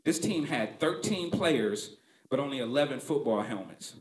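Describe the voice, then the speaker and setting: A man's voice: medium pitch, expressive, normal speed, reverberant. A male stand-up comedian telling stories in a conversational, punchy, profane way. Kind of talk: stand-up storytelling.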